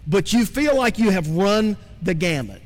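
A man's voice: sits high, sing-song, unhurried. A man preaching a sermon in a conversational style, often putting questions to his congregation. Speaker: pastor. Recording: long reverb from a large hall.

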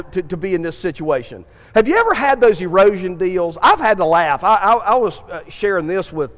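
A man's voice: high voice, in a large hall. A man preaching a sermon in a chatty way, stumbling over restarts and acting out the voices in the story. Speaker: pastor.

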